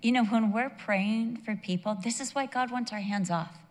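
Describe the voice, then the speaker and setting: A woman's voice: fairly high pitch, normal speed, in a large hall. A woman preaching a sermon, emphatic and mixing in humorous personal asides.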